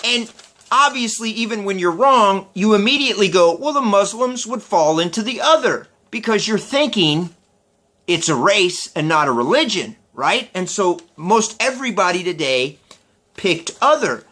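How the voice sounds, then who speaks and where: A man's voice: high voice, big pitch swings, a little slow, pushed and bright. A man ranting sarcastically to camera, profane and exasperated as he talks through street interviews. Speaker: vlogger. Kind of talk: ranting commentary.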